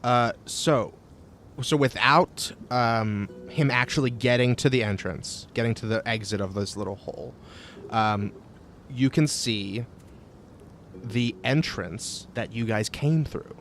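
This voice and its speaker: A man narrating a tabletop game as game master, pausing often with fillers. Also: medium pitch, fairly bright tone, a little hiss or hum. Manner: halting, with many fillers.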